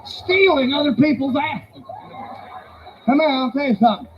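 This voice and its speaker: A male stand-up comedian telling animated stories and slipping into put-on voices. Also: very high voice, moderate pace, muffled recording, slight background noise.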